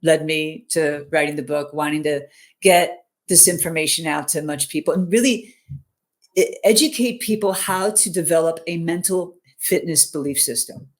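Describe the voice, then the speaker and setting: A woman's voice: low voice, normal speed. A middle-aged woman, a mental fitness coach, telling a personal story in an online interview. She speaks earnestly and keeps checking in with "you know", "okay?" and "right?".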